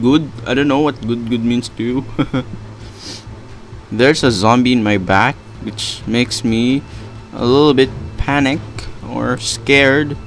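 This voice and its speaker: A man's voice: medium pitch, slight background noise. Panicky young man narrating his gameplay. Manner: panicky, exclaiming, laughing often. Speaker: gaming channel host. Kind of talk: live gameplay commentary.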